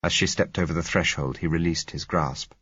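A man reading a novel aloud as scripted audiobook narration, measured and composed. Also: low-pitched, fairly even intonation, fairly bright tone, husky, no room sound. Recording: slightly dull recording.

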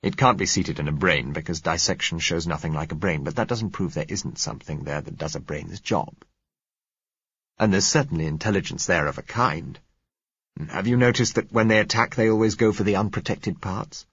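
Deep husky guy arguing his theory on and on as a narrator reads him, dull lo-fi sound. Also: moderate pace, fairly bright tone, no echo, heavily acted. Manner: argumentative, lecturing. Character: earnest man theorizing at length. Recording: muffled lo-fi recording.

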